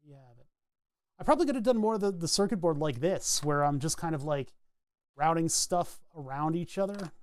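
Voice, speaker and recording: A man's voice: a little high, expressive, a little fast. A man chatting casually as he solders a circuit board, rambling and narrating each step of his work. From New England. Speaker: electronics hobbyist streamer. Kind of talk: casual talk while soldering.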